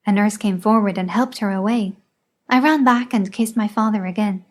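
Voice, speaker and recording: Measured woman reader for a memoir audiobook, even mid-range voice. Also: medium pitch. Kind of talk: scripted narration.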